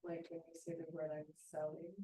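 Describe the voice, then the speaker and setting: A woman's voice: sits low, completely flat delivery, fairly quick, mellow, slight background noise, low-quality recording. Woman thinking aloud in a meeting. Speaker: meeting attendee. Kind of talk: answering in a group discussion. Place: office meeting room.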